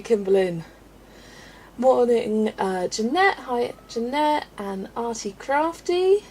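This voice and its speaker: A woman hosts a casual livestream, chatting, laughing often and greeting viewers by name while sounding slightly out of breath. Her voice is a little high, expressive and a little mellow, and she speaks slowly over slight background noise.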